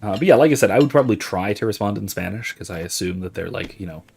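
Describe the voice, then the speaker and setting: Husky man rambling over gameplay. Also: fairly low pitch, expressive, fast, a little mellow, soft background music. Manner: rambling, chatty, answers chat questions. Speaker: host. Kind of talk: casual commentary while playing a video game.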